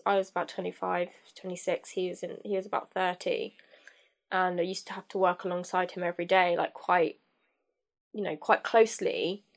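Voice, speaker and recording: A young woman telling a personal story as a podcast guest, candid and halting, with many fillers and restarts. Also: on the low side, creaky.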